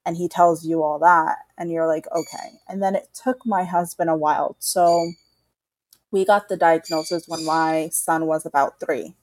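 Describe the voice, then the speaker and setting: A woman's voice: low voice, fairly even intonation, normal speed, dry recording. A woman in her thirties, co-hosting a podcast, telling her story with feeling and acting out what others said to her. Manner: emotional storytelling, acts out other people's remarks. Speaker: podcast co-host. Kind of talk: candid personal conversation.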